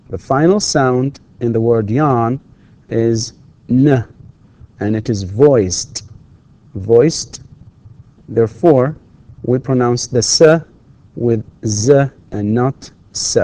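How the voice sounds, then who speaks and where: A man giving a recorded university English lecture, explaining slowly and patiently with repetitions and hesitations. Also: mid-range voice, dark tone. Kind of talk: recorded distance-learning lecture.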